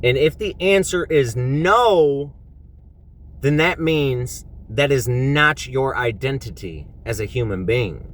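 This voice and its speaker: A man's voice: mid-range voice, animated, slow, fairly bright tone, a little hiss or hum. An emphatic man giving a heartfelt faith talk. He leans on repetition and casual slang, pressing each point hard, with a mid-range voice. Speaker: truck driver sharing faith.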